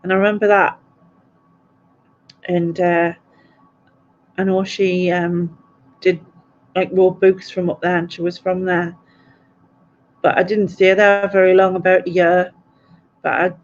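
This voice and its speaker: A young woman hosting a casual late-night livestream quiz and chat. She rambles, reads viewer comments aloud and laughs softly between them. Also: fairly low pitch, flat delivery, moderate pace, pauses often, slight background noise. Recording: dull, lo-fi stream audio.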